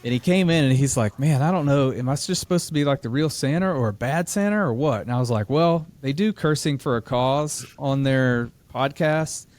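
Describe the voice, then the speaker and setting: A man's voice: medium pitch, normal speed, few pauses, darkish tone, no room sound. Laughing Midwestern man telling a story. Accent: American Midwest. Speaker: podcast co-host. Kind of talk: casual podcast chat.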